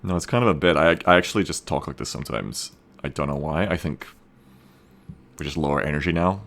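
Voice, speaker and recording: Rumbling low and a bit fast, with vocal fry, this man codes a game mod on a live stream. Between casual chatter and jokes at his own expense, he reads viewer messages out loud and swears without restraint.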